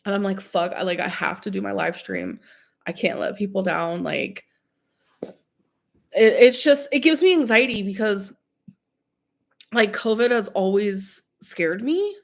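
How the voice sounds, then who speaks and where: A woman's voice: mid-range voice, lively intonation, measured pace, gravelly, pauses often. A young woman, a live streamer, chatting casually with viewers in a rambling, filler-heavy way while sick. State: sick with a cold-like illness.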